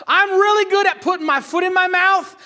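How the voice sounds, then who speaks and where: A man preaches a sermon in a very high voice. His tone is bright and forceful. He swings between loud, emphatic calls and quiet asides, often asking the room for an amen. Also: fairly even intonation, brisk.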